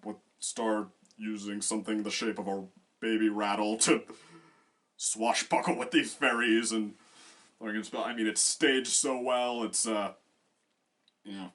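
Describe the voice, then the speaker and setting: A man's voice: on the low side, fairly even intonation, unhurried. A man co-hosting a casual discussion, rambling with many fillers and restarts. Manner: bursts into loud acted quotes. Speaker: co-host.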